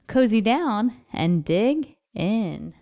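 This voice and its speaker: A woman voicing a friendly, grinning badger with a high, chirpy voice in a storybook read-aloud. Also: very animated, drawn-out words, warm tone, exaggerated voice.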